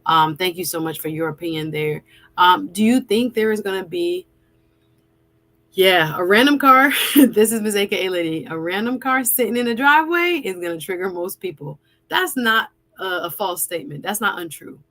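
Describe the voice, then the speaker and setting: A woman's voice: medium pitch, sing-song, normal speed, fairly bright tone. A woman attorney hosting a casual live-stream talk, chatting with a guest and reading viewer comments aloud. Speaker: host and attorney.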